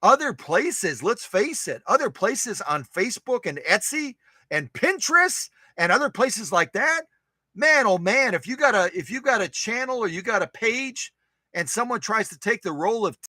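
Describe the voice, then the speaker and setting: This recording is dry, capturing a high-pitched man at a moderate pace as he hosts a sewing machine live stream. He chats casually and stays animated, exclaiming and joking with his viewers.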